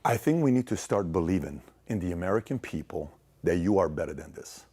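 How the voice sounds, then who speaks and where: A husky man with a lowish voice giving a lively motivational talk. He tells a parable and acts out each person in it, pushing up loud for the excited lines and dropping to near a murmur for the quiet ones. The delivery is fired up and persuasive. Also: brisk. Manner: acts out dialogue in a parable, swinging loud and soft. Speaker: speaker in a played clip. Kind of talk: animated motivational speech with storytelling.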